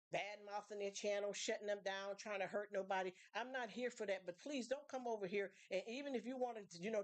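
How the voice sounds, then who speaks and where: A middle-aged woman hosting a live stream, talking candidly and emphatically to her chat. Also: medium pitch.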